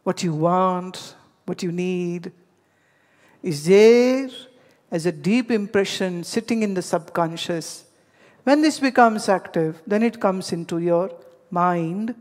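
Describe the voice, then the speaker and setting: A woman gives a spiritual teaching, weaving in anecdotes and speaking straight to her listeners. She talks slowly and deliberately. A long hall reverb trails each phrase. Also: fairly low pitch, darkish tone. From India. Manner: storytelling, addressing listeners directly.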